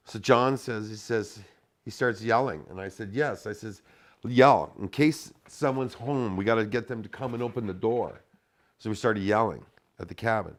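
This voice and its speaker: Middle-aged guy with a lowish voice telling a story, swears a lot, acts out the dialogue loud. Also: moderate pace. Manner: animated, swears often, acts out dialogue in a raised voice. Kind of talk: casual spoken storytelling.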